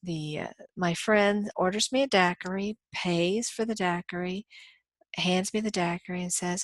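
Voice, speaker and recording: A woman's voice: fairly low pitch, fairly even intonation, normal speed, no room sound. A woman business law instructor giving a recorded lecture, explaining through acted-out everyday scenarios with frequent "um"s.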